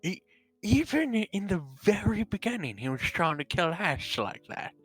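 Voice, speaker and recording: A man's voice: high-pitched, sing-song, normal speed, breathy edge, no room sound, soft background music. A man chatting in character during a tabletop role-play, stammering now and then and calling others "mate".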